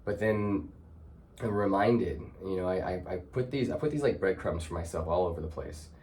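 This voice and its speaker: Low-voiced reflective male host. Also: normal speed, a little hiss or hum. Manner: reflective, searching, many restarts and soft hums of agreement. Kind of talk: casual heartfelt conversation.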